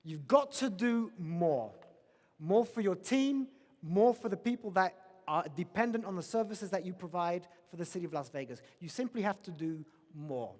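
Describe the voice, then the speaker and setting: A man's voice: sits high, animated, moderate pace, darkish tone. A man giving a motivational conference keynote, emphatic and repeating his key questions. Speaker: keynote speaker. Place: large conference hall. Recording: long reverb of a large hall.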